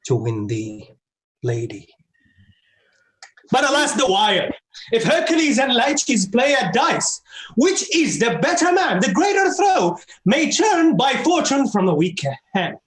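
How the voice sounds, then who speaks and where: A man playing a proud, boastful warrior prince who declaims grandly and breaks into shouts, acting Shakespeare over a video call. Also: extremely high pitch, big pitch swings, a little slow, echoey room, full character voice, low-quality recording.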